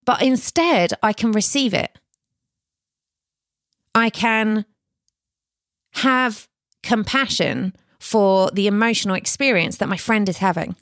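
A woman's voice: mid-range voice, slow, pauses often, a bit bright, no room sound, studio quality. A woman hosting a podcast, talking on her own in an earnest, conversational way and asking her listeners questions. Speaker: podcast host. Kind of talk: reflective solo podcast talk.

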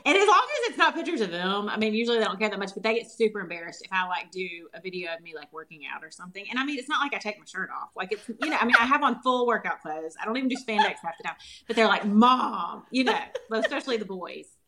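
A woman in her forties with a Southern US accent, a guest chatting casually on a podcast, animated and quick to laugh. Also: mid-range voice. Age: 40s. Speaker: guest, holistic nutritionist.

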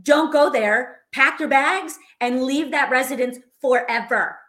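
A woman co-hosting a live stream, speaking in an animated, motivational way. Her voice sits a little high. She keeps turning to her listeners and calling them friends. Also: measured pace, echoey room. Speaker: co-host of a live show.

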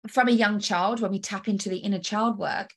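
A woman's voice: mid-range voice, fairly quick, breathy edge. A woman hosting a solo coaching podcast, talking energetically and emphatically straight to the listener. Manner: energetic, emphatic, direct address with rhetorical questions.

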